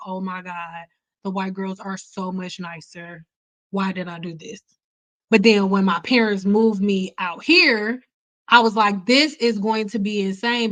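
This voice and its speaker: A young woman from Detroit telling stories in a casual livestream, chatty and animated, jumping into other people's voices. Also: poor audio. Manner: animated, chatty, acts out quoted people with big pitch jumps. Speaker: hair care livestream host.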